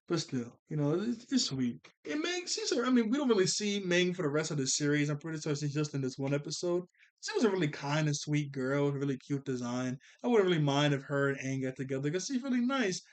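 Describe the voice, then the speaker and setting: A young man casually recapping a cartoon episode, retelling scenes in quoted voices and laughing often. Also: a little high. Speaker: cartoon reviewer.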